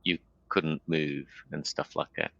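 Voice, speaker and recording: A man playing a tabletop game, jokey and quick to laugh. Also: rumbling low, gravelly, no room sound, highs cut off. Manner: jokey, laughs a lot, lively. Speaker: player. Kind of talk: casual tabletop play.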